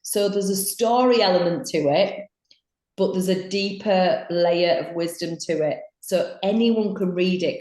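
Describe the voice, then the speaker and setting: Irish woman, podcast guest; frank, cheeky delivery, lowish voice, echoey room. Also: a little slow, warm tone. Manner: frank and cheeky, swears freely. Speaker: guest author. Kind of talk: casual podcast chat.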